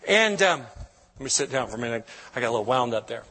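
Preaching as a church guest, this middle-aged man delivers a sermon testimony full of emotion and frequent restarts. His mid-range voice is bright and forceful, very animated and fast. A long reverb from the hall surrounds the sound.

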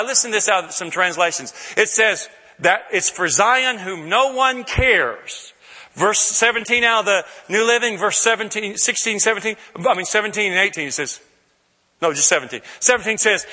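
A man preaching a sermon, reading scripture slowly and rising to shouted emphasis. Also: high-pitched, animated. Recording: long hall reverb.

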